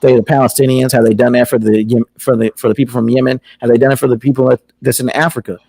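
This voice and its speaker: Gravelly-voiced man hosting a talk show. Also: mid-range voice, flat delivery, fast, dark tone, dry recording, poor audio. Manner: rambling, conversational, with filler words. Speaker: podcast host. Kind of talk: casual call-in talk show.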